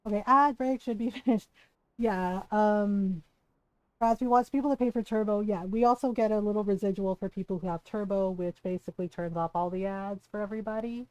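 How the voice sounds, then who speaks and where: A woman streaming a video game, chatting casually and telling stories in an animated way, with plenty of swearing. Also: medium pitch, fairly quick, smooth, dry recording, poor audio. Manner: animated storytelling with frequent swearing and laughter. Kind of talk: casual gameplay chat.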